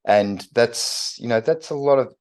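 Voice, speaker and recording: A man co-hosting a podcast, calmly prompting his partner with questions and affirmations. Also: medium pitch, unhurried. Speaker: podcast co-host. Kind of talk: casual chat, interviewing.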